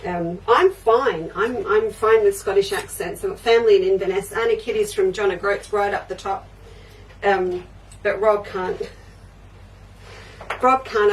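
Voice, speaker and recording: An older woman chats her way through a live craft show, friendly and rambling as she answers viewers. She sits a little back from the microphone, so her voice sounds slightly distant. Her pitch sits in an ordinary middle range. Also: slight background noise. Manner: chatty, reads out and answers viewer comments. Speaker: quilting show host.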